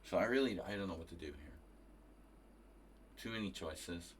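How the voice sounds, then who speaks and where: Talking at a moderate pace in a low-pitched voice, this chess streamer from New Jersey comments casually on his own game live, musing aloud and chatting with his audience. There's a bit of background noise.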